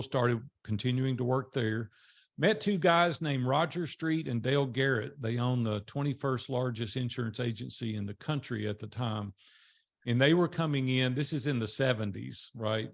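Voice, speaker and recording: A man's voice: medium pitch, gravelly. Folksy Southern older man. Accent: Southern US, Tennessee. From Nashville, Tennessee. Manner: folksy storytelling with fillers. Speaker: guest speaker. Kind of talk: motivational talk.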